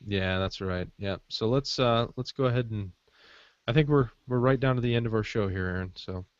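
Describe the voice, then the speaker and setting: A man's voice: fairly low pitch, moderate pace. A man co-hosting a casual podcast chat, rambling with frequent fillers, heard over muffled call audio. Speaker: podcast co-host.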